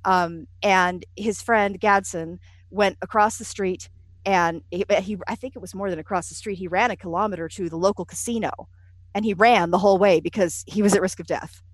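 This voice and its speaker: A woman being interviewed, telling travel stories in a lively, self-deprecating way with frequent fillers. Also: medium pitch, normal speed, no echo. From United States. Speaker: interview guest. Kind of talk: conversational storytelling.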